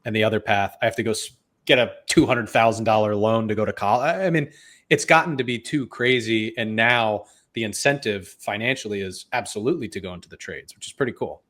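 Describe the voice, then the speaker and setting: Male podcast host with a lowish, relaxed and agreeable voice. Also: brisk. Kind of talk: casual interview chat.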